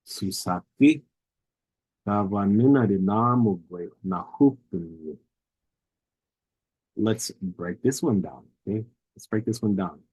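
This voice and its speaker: A man's voice: fairly low pitch, darkish tone, slightly rough, low-quality recording. A man teaching a language lesson, patiently repeating each word several times to model its pronunciation.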